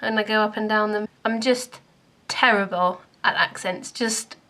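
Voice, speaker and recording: A woman's voice: medium pitch, steady tone, a little slow, pushed and bright. A young woman from Scotland, talking to camera in a chatty, self-deprecating vlog. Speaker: YouTuber.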